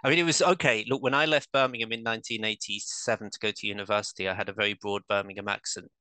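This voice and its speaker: Articulate southern english guy in his 50s, bright clear voice, dry close sound, makes his points with rhetorical questions. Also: lowish voice, steady tone, quick pace, dry recording. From England. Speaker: podcast guest, author. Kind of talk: conversational interview.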